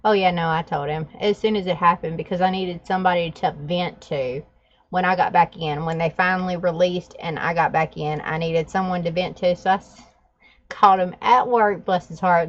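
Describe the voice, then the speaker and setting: A woman's voice: fairly low pitch, fairly even intonation, normal speed. A woman vlogging, telling a story with laughs and then walking through a drawing tutorial in casual chat. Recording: dull lo-fi sound.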